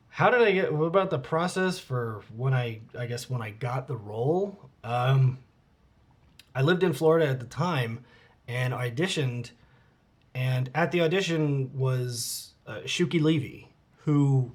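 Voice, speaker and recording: A man in his forties reading out and answering fan questions in a casual vlog, relaxed and swearing freely. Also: medium pitch.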